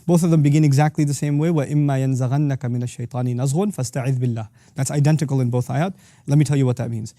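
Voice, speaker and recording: A middle-aged man teaching a lesson on Quranic verses as host of his series, talking rapidly and breaking into quick Arabic recitation. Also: mid-range voice, fairly even intonation, dark tone, dry recording, studio quality.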